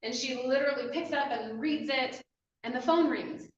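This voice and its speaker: Animated woman storyteller in an echoey room. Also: sits high, normal speed. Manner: animated, emotional storyteller who laughs often. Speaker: inspirational speaker. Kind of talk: personal storytelling talk. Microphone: distant mic. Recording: echoey room, distant mic, dull sound.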